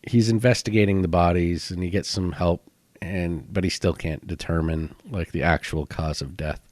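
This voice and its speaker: A man's voice: low-pitched, steady tone, moderate pace, darkish tone, no echo. A man co-hosting a podcast, casually recapping a tabletop adventure with frequent fillers. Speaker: podcast co-host and player.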